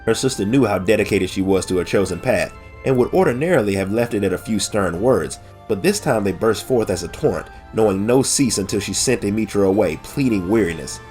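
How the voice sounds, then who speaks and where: A man with a nasal, congested voice from allergies, narrating a game lore story in measured audiobook style and hosting his channel. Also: fairly low pitch, lively intonation, a little mellow, soft background music. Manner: measured, friendly sign-offs.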